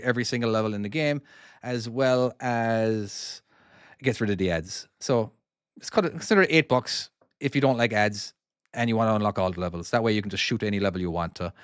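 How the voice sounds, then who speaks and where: Here an indie game developer and streamer from Cork, Ireland, in his forties, talks loosely through a livestream, playing and responding to comments. The sound is dry with no room noise, and his medium voice is clear, resonant and slightly bright. Chatty and self-deprecating, he wanders off topic and keeps restarting and repeating words.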